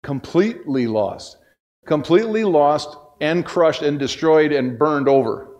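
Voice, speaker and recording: A man's voice: a little high, animated, unhurried, darkish tone. Folksy rambling male pastor. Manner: folksy, self-deprecating, rambling with restarts. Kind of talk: conversational sermon with storytelling. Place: church sanctuary.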